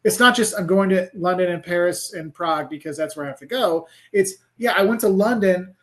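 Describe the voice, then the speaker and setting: A middle-aged man, guest in a casual interview, speaks at a high pitch and a fairly quick pace. A travel creator and professor, he rambles animatedly, peppering his speech with "like" and restarting his thoughts.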